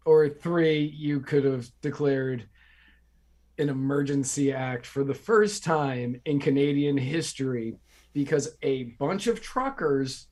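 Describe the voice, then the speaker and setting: A male podcast host delivering sarcastic political commentary in a ranting, repetitive way. He talks at an average pitch in a plain, conversational voice. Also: slow, darkish tone.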